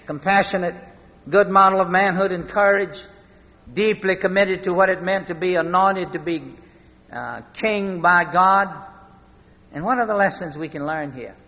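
Bright-voiced male preacher in a hall. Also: sits high. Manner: storytelling, slowing for emphasis. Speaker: pastor. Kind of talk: sermon. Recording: long hall reverb.

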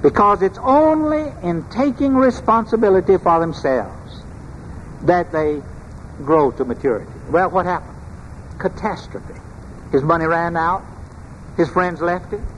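A man preaching a sermon in a church, speaking in a measured, emphatic way and asking rhetorical questions. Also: sits high, lo-fi sound. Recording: long hall reverb, faint background noise.

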